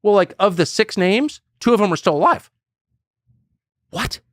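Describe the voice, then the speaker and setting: A man's voice: high voice, animated, normal speed, a bit bright, dry recording, clean studio sound. A middle-aged man, a political commentator, talking bluntly and emphatically in a podcast conversation, acting out the voices he quotes. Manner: blunt, swears.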